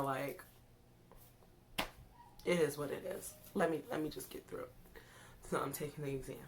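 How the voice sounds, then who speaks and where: A young woman recounts a story in a relaxed, casual vlog style. Her voice sits low, and she acts out her own lines with real animation. A faint hum of room noise runs under her voice. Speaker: vlogger telling a story.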